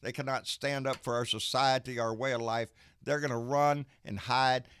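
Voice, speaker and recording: A man's voice: mid-range voice, level tone, normal speed, a bit bright, smooth. A man from Texas hosting a political livestream, ranting angrily with plenty of profanity and calling guests in. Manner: angry, profane, emphatic ranting. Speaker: live stream host. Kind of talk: political rant and casual chat.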